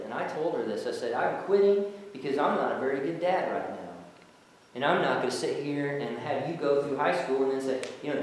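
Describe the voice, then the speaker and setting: A man, a former jail minister, telling animated stories to an audience and acting out the people he quotes. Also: medium pitch, a little hiss or hum. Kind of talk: storytelling talk to an audience. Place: church hall. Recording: echoey hall, from far off.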